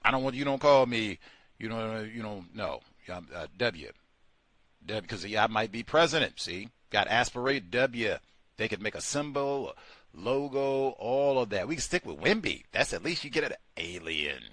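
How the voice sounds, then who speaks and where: A man's voice: lowish voice, expressive, moderate pace, fairly bright tone, dry recording. A man hosting a satirical call-in show, talking in a sardonic way with mocking asides. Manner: sardonic, switching between mocking voices and asides. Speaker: radio show host.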